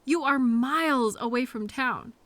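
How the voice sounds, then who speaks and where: A woman's voice: high voice, unhurried, a bit bright, dry recording. A young woman performing a scripted audio role-play as a coworker who finds the listener in a blizzard, fussy and scolding, then apologetic, with quirky mild exclamations.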